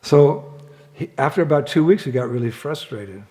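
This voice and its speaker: A man's voice: a little high, animated, moderate pace, mellow. A man giving a sermon at a temple, telling a story with humor and asides. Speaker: temple speaker.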